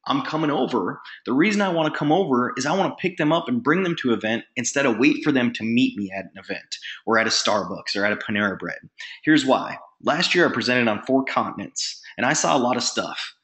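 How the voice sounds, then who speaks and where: A man's voice: mid-range voice, animated, brisk, fairly bright tone. A man giving a motivational sales training talk, speaking emphatically and acting out sample phone calls.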